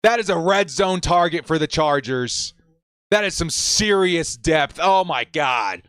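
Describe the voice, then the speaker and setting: A man hosting a live stream, reacting with hype, shouting and whooping, and reading out viewer messages. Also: fairly high pitch, lively intonation, measured pace, clean tone, dry recording, clean studio sound.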